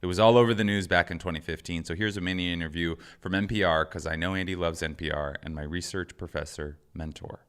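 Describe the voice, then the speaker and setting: A man co-hosting a podcast in casual comedic chat, deadpan and teasing, reading listener emails aloud. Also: low voice, quick pace, few pauses, clean tone. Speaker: podcast co-host.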